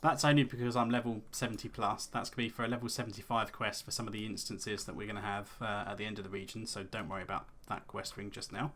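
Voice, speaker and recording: A man's voice: fairly low pitch, little pitch movement, quick pace, few pauses, a bit bright, a little hiss or hum. Male let's play host, casual rambling commentary with wry asides. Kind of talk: gameplay commentary.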